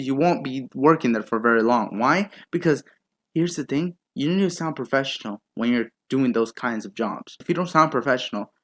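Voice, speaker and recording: A man's voice: mid-range voice, a bit bright. A man commentating a video he disagrees with, in a sarcastic, profane and incredulous rant. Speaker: YouTube commentator. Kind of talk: reaction rant.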